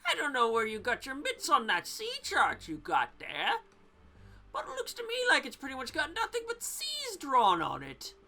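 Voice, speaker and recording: A woman doing a brash, bossy male fish, high and loud. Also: huge pitch swings, normal speed, exaggerated voice. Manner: bossy, heckling, condescending. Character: brash pushy male talking fish, gruff.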